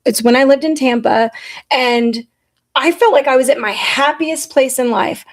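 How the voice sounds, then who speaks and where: A woman's voice: sits high, normal speed. A woman in her forties, a podcast host telling candid stories in casual chat, blunt and profane. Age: 40s. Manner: blunt and profane, animated storytelling.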